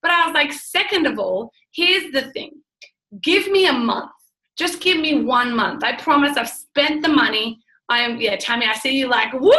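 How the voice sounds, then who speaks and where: A young woman with a bright, fairly high voice pours out her story in a gushing, breathless rush. She keeps restarting her sentences as her enthusiasm runs ahead of her words. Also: lively intonation, normal speed, rough recording. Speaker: guest, network marketing business builder. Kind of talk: excited live-stream chat.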